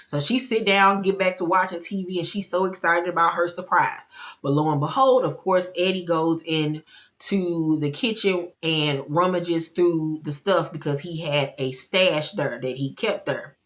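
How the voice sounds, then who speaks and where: Woman, low voice, chatty show recap, expressive. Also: unhurried. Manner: chatty and expressive, acting out quotes. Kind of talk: casual episode recap.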